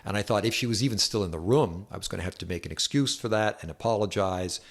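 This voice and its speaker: A chiropractor telling a story to camera in a relaxed, anecdotal way with wry asides. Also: male voice, fairly low pitch, fast, creaky. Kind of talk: storytelling health talk to camera.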